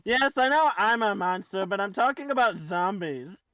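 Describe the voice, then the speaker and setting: A man gaming with friends, making quick playful callouts about the game. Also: high voice, expressive, sharp tone. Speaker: gamer on a livestream. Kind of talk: casual gaming chat.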